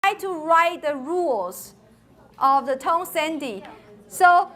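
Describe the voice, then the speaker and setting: A woman from Taiwan, giving a classroom lecture and chanting example syllables slowly to demonstrate tones. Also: high-pitched, animated, fairly bright tone. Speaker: university lecturer.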